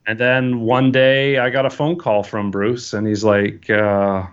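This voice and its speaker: A man's voice: medium pitch, a little slow, clear, resonant tone, lo-fi sound. A man casually telling a story about his start as a wedding photographer, acting out the dialogue. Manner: animated anecdote, acting out quoted dialogue.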